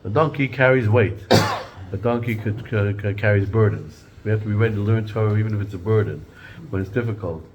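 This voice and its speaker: A man's voice: on the low side, fairly quick, highs cut off, background noise. A man teaching an informal Torah class in a conversational way, often repeating and restarting words and mixing in Hebrew and Yiddish terms.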